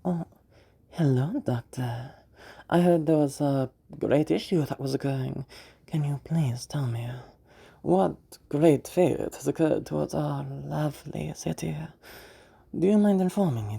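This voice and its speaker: A man voicing a sly, sinister woman villain, drawing out his words slowly and stressing only certain ones. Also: fairly high pitch, creaky, husky, pitched above the performer's own voice, exaggerated voice. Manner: slow, drawn-out, oddly flat delivery.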